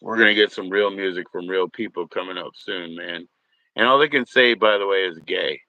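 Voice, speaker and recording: New guy streaming from home, deep voice, dry dull mic, swearing at trolls. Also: moderate pace, dry recording. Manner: profane, rambling, mocking trolls. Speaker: livestream host. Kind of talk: casual livestream chat.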